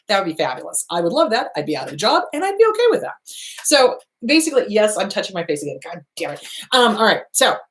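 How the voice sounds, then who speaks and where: A middle-aged woman therapist answering viewer questions in a casual advice show, blunt and animated, swearing freely. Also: medium pitch.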